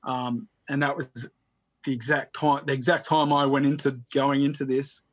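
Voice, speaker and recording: A man's voice: medium pitch, little pitch movement, moderate pace, no echo, highs cut off. A man telling a story as a podcast guest, rambling with frequent restarts and swearing. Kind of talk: casual storytelling.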